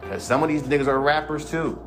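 A man's voice: fairly high pitch, fairly even intonation, a little fast, fairly bright tone, soft background music. A man hosting his own podcast, a rapper ranting in a laid-back, rambling, profane way. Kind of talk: casual monologue.

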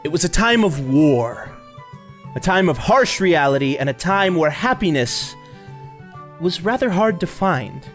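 A man voicing an elderly meadery founder who proclaims a loud welcome speech to a crowd. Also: fairly high pitch, big pitch swings, unhurried, faint music behind, voice pushed up. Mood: proclaiming. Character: grand old male meadery founder giving a festival speech.

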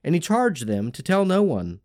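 A man reading scripture aloud for a daily lectionary podcast, in a solemn, measured style. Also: on the high side. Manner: solemn, expressive reading with lively rises and falls. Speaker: scripture reader.

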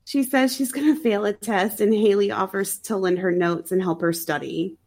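A woman co-hosting a podcast, talking through a movie's plot in a loose, joking way. She sounds slightly sick, and her pitch sits in an everyday middle range. Her delivery is chatty and wry, with frequent laughter. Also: steady tone, normal speed, darkish tone. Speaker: podcast co-host. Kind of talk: casual chat recapping a movie.

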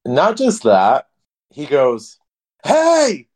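A man's voice: on the low side, normal speed. A man co-hosting a podcast in casual chat, swearing freely and telling stories wryly. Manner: swears freely, wry, lively storytelling. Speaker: podcast co-host.

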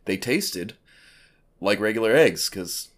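A man with a low, deep voice hosts a casual podcast, rambling through a family story with constant "like" fillers. He talks loosely and conversationally. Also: animated, slow pace, a bit bright. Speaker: podcast host. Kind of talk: casual chat.

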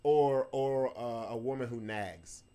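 A man co-hosting a podcast, talking in loud, crude, swearing banter with friends. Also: mid-range voice, slow, clear, resonant tone. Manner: loud, swearing, animated storyteller. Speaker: podcast co-host. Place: New Mexico.

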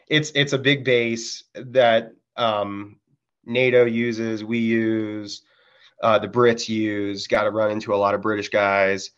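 A man's voice: on the low side, flat delivery, takes it slowly, fairly bright tone. A man telling casual stories from his military service as a podcast guest, laid-back and freely swearing, in a dull lo-fi recording. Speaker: podcast guest, Marine veteran. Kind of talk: casual storytelling chat.

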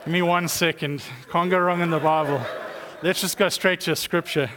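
There's background noise as a South African guest speaker in his thirties or forties gives a testimony sermon that's chatty, full of jokes and fillers. His voice is a little high with fairly even intonation and a normal speed, carried by long church hall reverb.

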